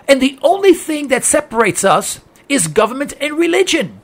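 A man's voice: very high-pitched, big pitch swings, normal speed, gravelly. A man hosting a political talk radio show, speaking with impassioned emphasis and often restarting his phrases as he presses a point.

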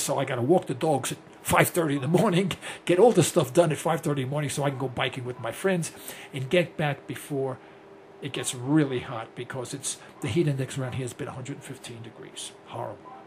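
A man's voice: mid-range voice, brisk, slight background noise. A man in his sixties hosting a rambling, blunt talk radio monologue. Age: 60s. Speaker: host.

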